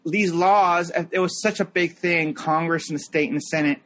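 A man's voice: fairly high pitch, steady tone, moderate pace, fairly bright tone. A man in his thirties chatting casually on a podcast, rambling with lots of fillers and mimicking people as he tells stories.

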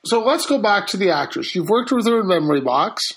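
A man interviewing a filmmaker, speaking slowly and hesitantly as he thinks things through. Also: sits high, sing-song, background noise. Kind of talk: casual interview.

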